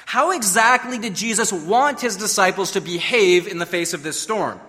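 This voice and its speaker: A man's voice: sits high, moderate pace, sharp tone, in a large hall. A man preaching a sermon, emphatic and full of rhetorical questions. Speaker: pastor.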